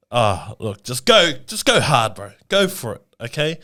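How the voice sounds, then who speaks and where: A man's voice: medium pitch, very animated, slow pace, bright, forceful tone. A man with a New Zealand accent co-hosting a comedic podcast, brash and laddish, tossing "mate" into nearly every phrase. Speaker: podcast co-host.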